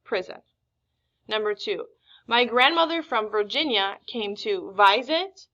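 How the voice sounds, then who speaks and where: A woman teaching a recorded phonics lesson, reading words slowly and deliberately. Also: fairly high pitch, lively intonation, sharp tone, dull audio. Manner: slow, deliberate word-by-word reading.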